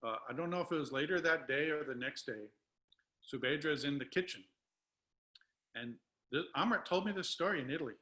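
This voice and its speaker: A man's voice: fairly high pitch, expressive, brisk, long pauses, sharp tone, rough recording. A man speaking as a guest on a video call, telling a spiritual story with emotion. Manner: emotional, tearful at times.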